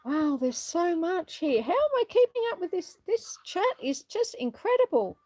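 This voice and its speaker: A woman's voice: very high voice, very animated, moderate pace, no room sound. A middle-aged woman reading out viewers' comments and chatting casually as she walks around her farm. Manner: chatty, warm replies to viewers, frequent laughs. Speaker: homestead livestreamer reading chat. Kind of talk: casual live chat while walking. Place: outdoors on a farm.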